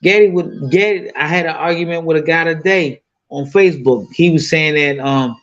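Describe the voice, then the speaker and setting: A man's voice: fairly high pitch, moderate pace, a bit bright, dull audio. A man in his fifties telling a fight story in loose, profane casual talk full of fillers. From United States. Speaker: boxing guest.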